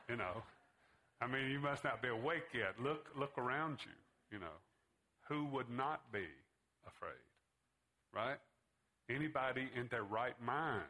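A man's voice: medium pitch, sharp tone. A man teaching a Bible class in a conversational way, putting questions to his students.

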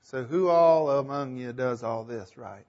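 A man's voice: medium pitch, measured pace, a little mellow, muffled recording. A man leading a group Bible discussion, thinking aloud and asking the group questions. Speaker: Bible study leader.

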